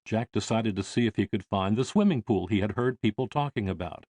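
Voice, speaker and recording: A man reading an audiobook in measured, expressive scripted narration. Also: lowish voice, no room sound.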